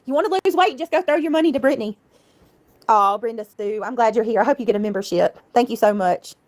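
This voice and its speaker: A woman's voice: on the high side, fast talker, no room sound. A woman livestreaming in casual chat, giggling, swearing freely and thanking her viewers.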